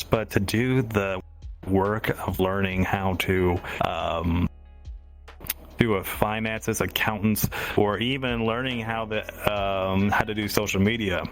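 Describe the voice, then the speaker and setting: Low-voiced man with a Southern accent. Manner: reflective, thinking out loud with fillers. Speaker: podcast co-host. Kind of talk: casual podcast chat.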